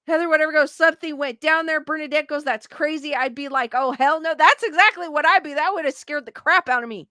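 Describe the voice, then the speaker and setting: A woman's voice: sits high, fast, few pauses, sharp tone, dry recording. A woman hosting a casual chat show, reading out stories and viewer comments with lots of reactions and laughter. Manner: chatty, laughs often, restarts and reacts to comments.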